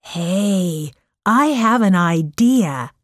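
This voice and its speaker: A woman's voice: mid-range voice, lively intonation, very slow, dry recording, clean studio sound. A woman voicing a cheeky teenage troublemaker boy in a storybook reading, breezy and teasing.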